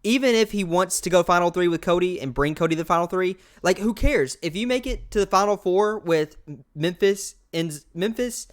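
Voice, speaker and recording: A man's voice: sits high, moderate pace, hardly any pauses. A young man co-hosting a podcast, rambling through a casual episode recap with lots of fillers and asides. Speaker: podcast co-host.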